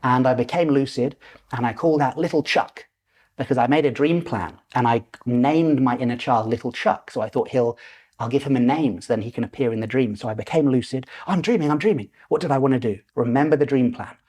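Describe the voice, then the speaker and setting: A man's voice: medium pitch, a little fast, a little mellow. A man in his forties, a podcast guest telling a personal story animatedly and acting out the voices in it. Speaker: podcast guest, lucid dreaming teacher.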